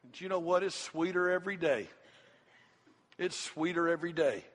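A middle-aged man preaches in a passionate, repeating cadence. His voice is slightly husky and sits a little high. It rings with a long church reverb, and faint organ-like music plays underneath. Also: normal speed, a bit bright. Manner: impassioned, repetitive preaching cadence. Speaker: pastor. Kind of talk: sermon. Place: church sanctuary.

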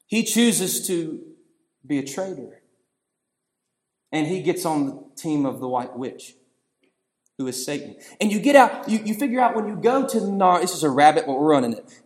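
A man, preaching a storytelling sermon that swings between hushed passages and shouting. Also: sits high, animated, moderate pace.

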